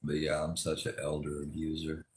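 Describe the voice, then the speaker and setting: A man's voice: extremely low pitch, monotone, normal speed, darkish tone, reverberant, slight background noise. A man, ranting angrily and with lots of profanity during a livestream. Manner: angry, profane, rambling rant.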